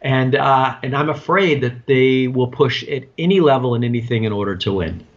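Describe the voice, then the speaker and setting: Male co-host, mid-pitched, earnest, halting, lo-fi recording. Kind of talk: political talk commentary. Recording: dull lo-fi recording.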